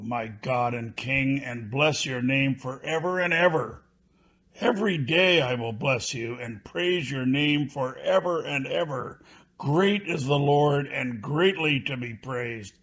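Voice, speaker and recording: A man reading scripture aloud in a measured, solemn way. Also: medium pitch. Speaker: scripture reader.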